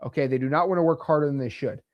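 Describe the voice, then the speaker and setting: An American man teaches real estate wholesaling to camera in a casual, blunt, emphatic and chatty way, tossing in slangy asides. His voice sits on the high side and races, with no echo but dull audio.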